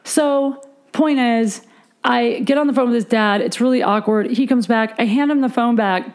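Animated, profane woman telling a story. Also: fairly high pitch, normal speed. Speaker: podcast host. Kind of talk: casual storytelling chat.

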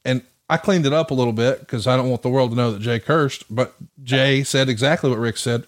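A man's voice: mid-range voice, brisk, few pauses. A man hosting a casual chat, telling backstage stories, acting out quoted lines and laughing often. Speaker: podcast host, wrestling promoter.

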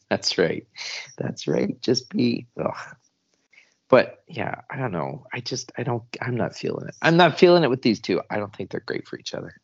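A man's voice: medium pitch, very animated, moderate pace, slightly rough, lo-fi sound. A man chatting casually as a podcast co-host, with laid-back, drawling reactions. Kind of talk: casual chat.

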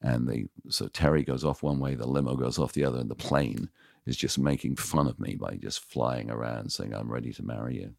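Seasoned radio DJ as podcast guest, frank and animated, voices the people in his stories; rumbling low pitch, dead-dry room. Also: normal speed, gravelly, no echo. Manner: animated, acts out quoted dialogue; frank, confessional. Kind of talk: casual storytelling in interview.

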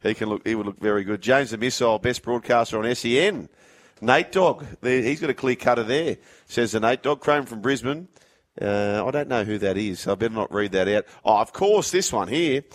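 A man's voice: mid-range voice, lively intonation, a little fast. A man with an Australian accent hosting a casual sports radio show, joking with his co-host and reading out listener texts. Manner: jokey, matey, reads out texts.

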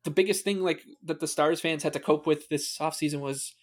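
A man's voice: fairly high pitch, steady tone, fairly quick. A man co-hosting a casual sports podcast, rambling with many fillers and restarts. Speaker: podcast co-host.

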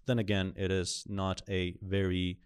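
A man from Iran with a Persian accent, co-hosting a podcast and making short deadpan jokes at an unhurried pace. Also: low voice, clear, resonant tone, no echo, studio quality. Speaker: podcast co-host. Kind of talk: casual podcast chat.

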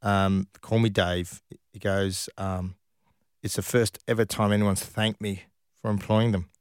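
Brief: chatty ex-footballer, lowish pitch, dry close recording, easygoing storyteller. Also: male voice, flat delivery, unhurried, clear, resonant tone, dry recording. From Australia. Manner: chatty, laughs while telling stories. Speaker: former professional footballer, guest. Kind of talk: casual interview storytelling.

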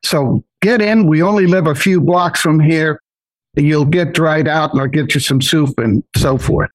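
A man's voice: on the high side, measured pace, dry recording, low-quality recording. An older man voicing a kind, insistent woman who buys all his flowers. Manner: insistent, motherly.

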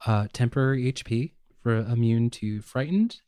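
A man's voice: mid-range voice, moderate pace, warm tone, clear, resonant tone, no echo, studio quality. A man playing a tabletop game, speaking in an encouraging, rallying way. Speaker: player. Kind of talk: in-character tabletop play.

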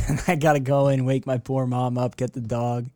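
A man's voice: mid-range voice, flat delivery, normal speed, mellow, dry recording, studio quality. A young man co-hosting a casual sports podcast, laid-back and teasing, telling stories in easy chat. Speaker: podcast co-host.

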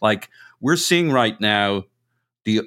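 A man's voice: on the low side, expressive, slow, a bit bright, clean tone. A man co-hosting a casual football podcast, talking in long rambling turns, joking at himself and swearing now and then. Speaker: podcast co-host.

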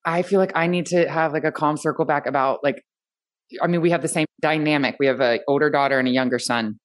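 A woman with a notably low voice hosts a relaxed conversation. She tells stories from home with lively energy, jumping into quoted lines as she goes, in an easy, chatty way. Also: fast. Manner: animated storytelling, acts out family members in quotes. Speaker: podcast host. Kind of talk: casual conversational interview.

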